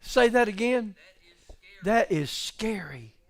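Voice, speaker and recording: A middle-aged male pastor preaching a live sermon, moving between hushed musing and loud exclamations and calling out to the congregation. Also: sits high, animated, takes it slowly, no echo. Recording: live church service stream.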